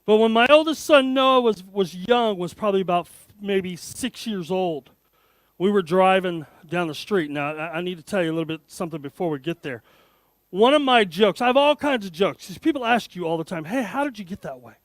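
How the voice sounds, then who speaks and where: A middle-aged man speaks at a motivational conference in a high-pitched, slightly fast voice, with no room sound. He tells humorous stories, makes self-deprecating jokes, and keeps his delivery lively.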